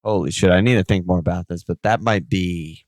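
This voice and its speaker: A man hosting a podcast alone, talking in an excitable, rambling way and swearing often. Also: low voice, fairly quick, dry recording. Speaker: podcast host. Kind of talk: solo casual podcast talk.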